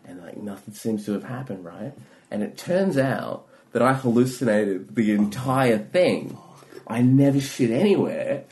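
A male comedian telling a long story in casual talk, rambling with many fillers and swinging from hushed to loud. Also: mid-range voice, expressive, a little slow. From Australia.

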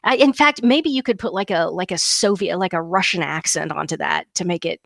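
A middle-aged woman co-hosting a podcast in casual chat, animated and laughing often, with frequent restarts. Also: fairly low pitch, fairly quick, vocal fry, dry recording, studio quality. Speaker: podcast co-host.

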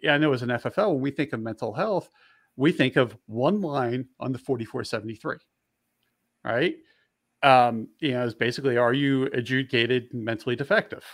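A man's voice: medium pitch, no echo, clean studio sound. A man who is a firearms dealer, talking in a casual, rambling way in a podcast conversation and often correcting himself.

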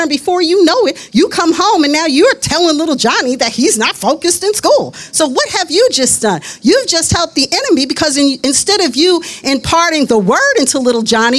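A woman's voice: high voice, fairly bright tone. A middle-aged woman preaching a sermon in a conversational way, with quoted asides and laughter.

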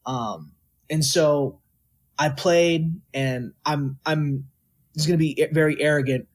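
Speaking slowly in a fairly high pitch, a young Texan guest musician casually tells stories during an interview. He's animated, acting out what others said and quoting them in lively voices.

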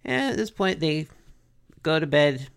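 Unhurried recap host, lively pitch, jokey and self-questioning. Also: vocal fry, clean tone. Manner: animated, joking, self-questioning. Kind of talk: episode recap commentary.

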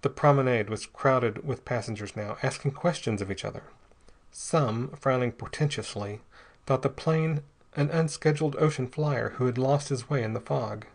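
Man narrating a story, steady and dramatic. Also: mid-range voice, moderate pace, creaky. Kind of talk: scripted narration of a pulp adventure story.

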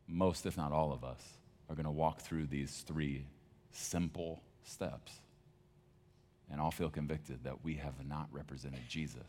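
A male pastor with a very deep, low voice delivers a sermon. He talks in a conversational, emphatic way, like telling a story to his congregation. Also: darkish tone, a little hiss or hum.

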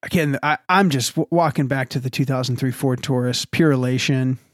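Here a young man co-hosting a podcast tells an energetic story at a brisk clip in casual conversation. He acts out the quoted voices of others with big pitch swings, in studio-quality audio with no echo.

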